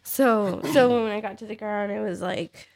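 A woman's voice: mid-range voice, normal speed, a crowd in the background. A woman, a fighter guest, chatting casually and hesitantly, with many fillers and restarts. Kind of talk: casual podcast chat.

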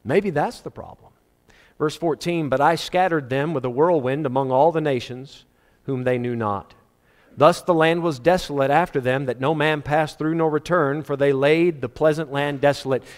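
Guy preaching through scripture, gets loud then drops quiet, voice echoing around a big hall. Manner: emphatic, rises to loud cries and drops low. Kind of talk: expository sermon, reading scripture.

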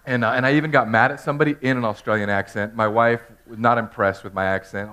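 Male pastor, middle-aged, lively sermon delivery that moves between loud outbursts and hushed asides. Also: on the low side. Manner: animated preaching, swings from loud outbursts to quiet intimate tones.

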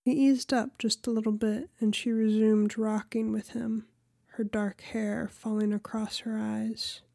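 A woman reads erotic fiction in a soft, partly whispered voice. Her delivery is slow and level, with a gravelly texture. The recording is close and dry. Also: on the high side, flat delivery, no echo. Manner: soft, often half-whispered reading. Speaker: audiobook narrator. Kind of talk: erotic audiobook narration.

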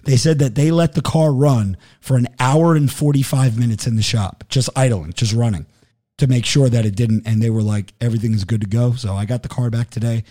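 Casting: man, mellow warm voice, loose profane storyteller, acts out both sides of calls. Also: medium pitch, fairly quick. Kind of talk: casual storytelling chat.

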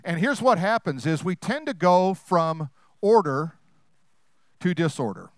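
A man preaching with a high, smooth, resonant voice. He talks in a lively, conversational way and slips into acted-out voices. The sound is close and dry. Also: unhurried, no echo. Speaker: pastor. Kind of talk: sermon.

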